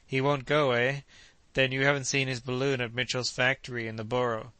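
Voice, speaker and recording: A man's voice: medium pitch, little pitch movement, fairly quick, pushed and bright, clear, resonant tone, no echo, close to an everyday voice. A man voicing a cheerful, loyal young manservant who talks eagerly in an audiobook.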